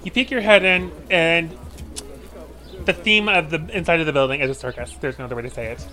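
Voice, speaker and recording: A man's voice: on the high side, fairly quick, bright, forceful tone. A man narrating as dungeon master, describing scenes in a loose, rambling way with fillers. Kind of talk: narrating a tabletop game.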